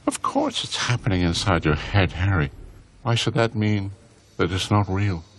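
A man playing a deep-voiced old wizard. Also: normal speed, lightly acted. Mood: reassuring. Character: wise elderly male wizard headmaster. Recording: film clip under loud music. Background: film score.

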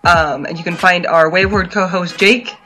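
Low-voiced woman reading podcast plugs. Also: fairly even intonation, moderate pace, bright, forceful tone, soft background music. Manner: dry, brief replies, then reads the outro plugs. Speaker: podcast co-host. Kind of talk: casual chat and show sign-off.

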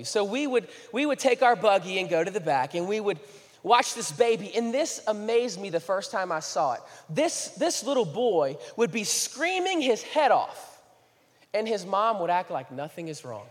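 A man's voice: sits high, normal speed, in a large hall. A young man, preaching a sermon as a pastor, moving between jokes and earnest pleading. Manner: animated, joking then earnest and pleading.

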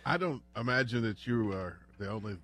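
A man's voice: on the low side, lively intonation, brisk, fairly bright tone, dry recording. A man co-hosting a radio talk show in a studio, dropping dry joking asides during casual banter. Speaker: radio co-host.

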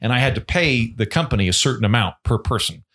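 A man's voice: medium pitch, quick pace, slightly rough. Joking man from Oklahoma. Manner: storytelling, animated and self-deprecating. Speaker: comedian and podcast host. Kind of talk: casual podcast banter.

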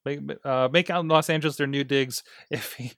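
A man's voice: medium pitch, steady tone, a little fast, fairly bright tone, dry recording, clean studio sound. A man hosting a wrestling podcast in casual chat, loose and rambling with many fillers and restarts. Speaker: podcast host.

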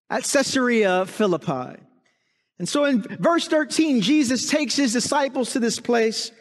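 A man's voice: very high voice, big-room sound. A man preaching a sermon as pastor, emphatic and full of rhetorical questions.

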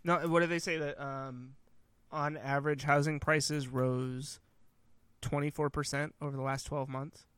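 A man's voice: a little high, little pitch movement, a little slow, a bit bright, clear, resonant tone, dry recording. A man co-hosting a podcast, chatting casually, agreeing and explaining his points. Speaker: podcast co-host. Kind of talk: casual chat.

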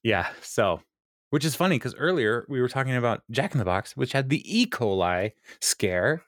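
A man co-hosting a podcast, casually retelling a sitcom episode with lots of fillers and quick laughs. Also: medium pitch, lively intonation, a bit bright, no room sound, studio quality. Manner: retells scenes with quoted lines, many fillers, laughs often. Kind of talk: casual chat.

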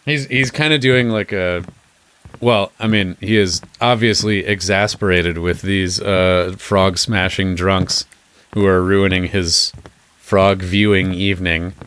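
A man narrating as game master of a tabletop game, talking in a relaxed, rambling way with many fillers. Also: low-pitched, slow pace, smooth.

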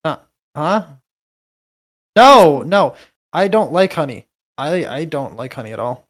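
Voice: medium pitch, big pitch swings, a little slow. A player in a tabletop role-playing game who talks in a playful, hesitant, rambling way.

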